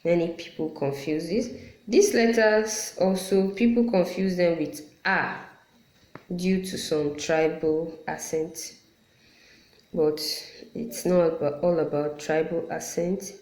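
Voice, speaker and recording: A woman teaching Quran letter pronunciation patiently, repeating each sound to demonstrate and pausing to apologize. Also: fairly low pitch, darkish tone. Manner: apologetic asides. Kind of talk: explanatory lesson. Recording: roomy echo.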